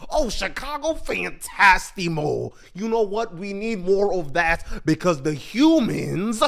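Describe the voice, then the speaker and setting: A man putting on a gloating high dinosaur villain. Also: very animated, slow, gravelly, a bit bright, exaggerated voice. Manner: taunting, boastful.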